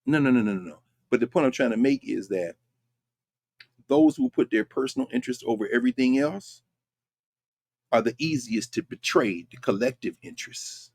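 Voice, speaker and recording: A man's voice: medium pitch, animated, normal speed, gravelly, a little mellow, dry recording, studio quality. A man hosting a lecture-style commentary show, talking emphatically and conversationally and putting rhetorical questions to his listeners. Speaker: host.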